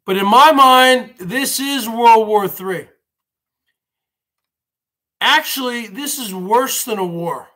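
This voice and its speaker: Slow, bright-voiced ranting man. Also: extremely high pitch. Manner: ranting, repetitive, keeps addressing viewers as folks. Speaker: livestream host. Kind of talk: rambling livestream monologue.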